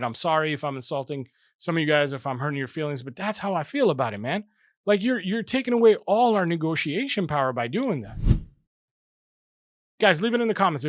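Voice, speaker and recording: A man's voice: a little high, no room sound, studio quality. A young man hosting a football fan channel, ranting heatedly and repeating himself for emphasis. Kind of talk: passionate casual rant to camera.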